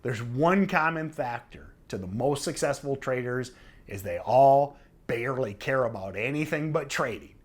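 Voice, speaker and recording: A man's voice: medium pitch, lively intonation, normal speed. A middle-aged man giving a casual trading lesson, talking conversationally and often checking in with "okay?". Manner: conversational, repeats "okay?" for emphasis. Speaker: trading trainer. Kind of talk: casual instructional talk to camera.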